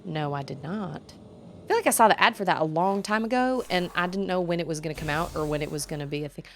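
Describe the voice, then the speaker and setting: A woman's voice: fairly low pitch, lively intonation, fairly quick, faint music behind. A woman streaming a video game, chatting casually with her chat and laughing often. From Texas. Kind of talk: casual chat while gaming.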